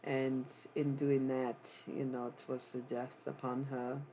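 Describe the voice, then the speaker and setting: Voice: medium pitch, flat delivery, unhurried, warm tone, slight background noise. A streamer and self-styled necromancer chatting casually on a live stream and retelling a singer's life story, with rambling, offhand asides to the chat.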